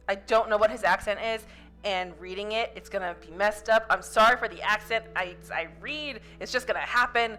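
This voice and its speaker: A young woman talks through a story game in a chatty, puzzled way, reading its lines aloud. Her voice is bright and clear. Faint game music plays behind her. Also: medium pitch, moderate pace. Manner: confused, chatty, reads game text aloud. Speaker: game streamer. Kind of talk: casual gameplay commentary.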